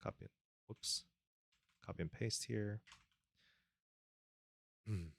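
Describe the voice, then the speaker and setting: A man's voice: lowish voice, slow, gravelly. A man streaming his game development, thinking aloud as he codes and chatting casually with viewers on a close desk mic. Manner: thinking aloud while coding, muttering to himself; reads chat and thanks viewers casually. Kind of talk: live-stream coding chat.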